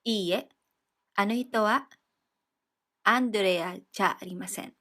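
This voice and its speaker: Woman, language teacher, patient explanations, very slow pace, mid-pitched voice, step-by-step lesson. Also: fairly bright tone. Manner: patient and explanatory, repeats example sentences slowly.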